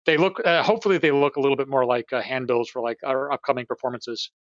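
A man's voice: mid-range voice, fast, no room sound, lo-fi sound. A man playing a tabletop role-playing game, grandly and theatrically speaking in character. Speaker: player.

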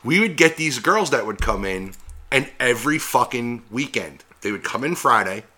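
A man's voice: mid-range voice, expressive, moderate pace, bright, forceful tone. A man co-hosting a podcast, telling loose, profane stories about his bouncer days in casual chat. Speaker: podcast co-host, former bouncer.

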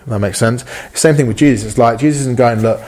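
A man preaching with a husky, slightly breathy voice at a middling pitch. He speaks, earnest and conversational, often stumbling over repeated words as he works through a thought. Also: fairly quick, a little mellow. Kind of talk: sermon.

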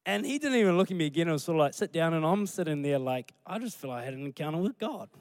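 A man, a pastor preaching a sermon through animated storytelling. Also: fairly high pitch, very fast, dry recording. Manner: animated storytelling, acting out scenes.

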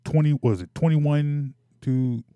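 Male sports talk host, fed-up and animated, warm timbre, dry booth. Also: a little high, slow pace, dry recording, highs cut off. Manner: exasperated, animated, repeats himself.

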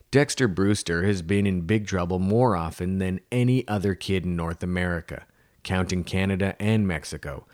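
A man's voice: deep voice, a little mellow, dry recording, studio quality. A man narrating a humorous children's book, playing a rambling joke teller who keeps correcting himself. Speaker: audiobook narrator.

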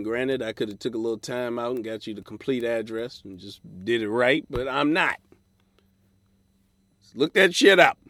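A comedian rants profanely in a lowish voice. He records his podcast from inside a parked car, and the sound is dry and close. He is animated and loose, slipping into squeaky voices whenever he quotes someone. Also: no echo. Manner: profane, animated, jumps to a high put-on voice for quotes. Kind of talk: casual rant.

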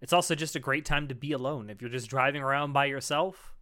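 Bright-voiced teasing podcast man. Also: mid-range voice, fast. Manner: teasing, steers the talk. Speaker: podcast co-host. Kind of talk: casual chat.

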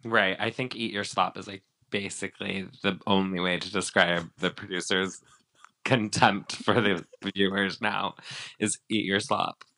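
Bright-voiced chatty man. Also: sits low, measured pace. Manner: animated, filler-heavy, acts out quotes. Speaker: podcast co-host. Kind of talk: casual reality-TV recap chat.

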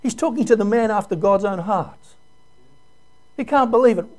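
A man's voice: high voice, moderate pace, a little mellow. A male pastor giving an earnest, emotional sermon full of rhetorical questions.

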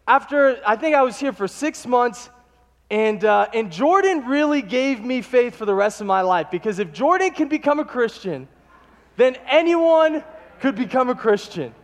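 A man preaching a sermon to his congregation, telling animated stories and acting out the quotes. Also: very high-pitched, normal speed. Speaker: pastor. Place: church sanctuary. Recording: long hall reverb.

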